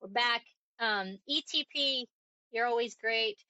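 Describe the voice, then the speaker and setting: Bright, dry-voiced chatty woman. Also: fairly high pitch, unhurried, dry recording, lo-fi sound. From Northeast Connecticut. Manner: chatty, giggly, lots of ums. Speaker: podcast co-host. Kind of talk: casual chat.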